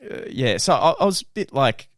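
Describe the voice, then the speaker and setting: Lively young Australian man, mid voice. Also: mid-range voice, brisk, dry recording, studio quality. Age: young adult. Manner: expressive, laughs often. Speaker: podcast co-host. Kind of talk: casual storytelling chat.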